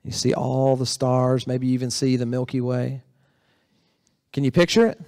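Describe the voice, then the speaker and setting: A man's voice: mid-range voice, monotone, moderate pace, dark tone, dry recording, clean studio sound. A male pastor preaching a sermon in a church, talking in a conversational way and asking the congregation questions. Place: church sanctuary.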